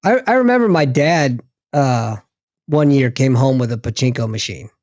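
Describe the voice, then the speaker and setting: A man hosting a casual chat, giving brief reactions and relaxed questions. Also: mid-range voice, moderate pace, no echo, studio quality.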